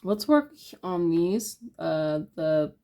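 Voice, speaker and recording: Low, mellow woman teaching painting. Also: very slow. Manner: relaxed, thinking aloud, many hedging fillers. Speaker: painting instructor. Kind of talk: casual step-by-step painting tutorial.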